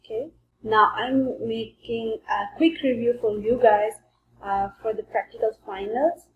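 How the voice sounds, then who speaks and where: A woman gives a pronunciation lesson at an unhurried pace, pausing to model each sound for her students. Her voice sits a little high. The recording is roomy, with a faint noise underneath. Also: steady tone, phone-quality sound. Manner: slow and deliberate, modelling sounds for repetition. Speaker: language teacher. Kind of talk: slow spoken language lesson. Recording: echoey room with faint background noise.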